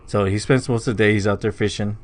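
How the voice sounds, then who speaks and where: Low-voiced man telling a creepy story. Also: steady tone, fast. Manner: rambling, full of "like" and "you know". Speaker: podcast co-host. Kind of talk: casual spooky storytelling.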